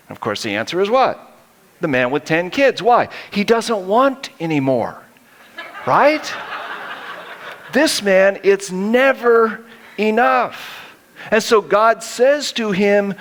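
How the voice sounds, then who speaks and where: A man's voice: high voice, sing-song, slow, fairly bright tone. A middle-aged male pastor preaching a sermon, telling stories and acting out the quotes he reads.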